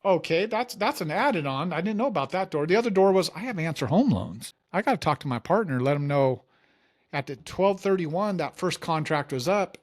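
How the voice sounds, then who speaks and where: A man's voice: fairly high pitch, expressive, a little fast. A man, a mortgage company founder, telling his story in a casual interview and acting out the dialogue.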